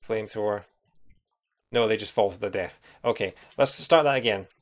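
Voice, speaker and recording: A young man with a soft Scottish accent, chatting casually and thinking aloud while streaming a retro game, greeting viewers as he goes. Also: lowish voice, normal speed. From Scotland. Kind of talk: casual live-stream commentary.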